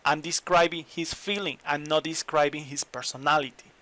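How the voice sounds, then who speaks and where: A man teaching in an online lesson, English, explaining slowly and repeating examples. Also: a little high, fairly even intonation, sharp tone. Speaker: Spanish teacher.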